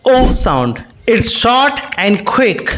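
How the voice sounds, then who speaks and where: Slow, lively-pitched woman teaching pronunciation. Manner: slow, deliberate, repeats words for practice. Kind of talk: pronunciation drill. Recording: noisy recording with clicks.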